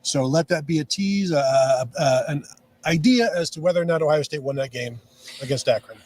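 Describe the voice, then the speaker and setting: A man co-hosting a casual live sports stream, playfully pitching joke nicknames. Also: animated, normal speed, a little mellow. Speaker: co-host.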